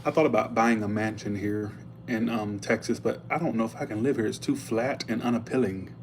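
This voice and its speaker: A man's voice: on the low side, fairly even intonation, brisk, a little hiss or hum. A man giving a casual live tarot reading, chatty and blunt, stopping often to thank viewers for tips. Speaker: tarot reader.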